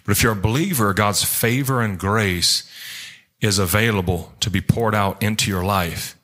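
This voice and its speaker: A male pastor preaching a sermon in church, in an animated, rambling way, acting out quotes as he jumps between points. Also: fairly low pitch, moderate pace.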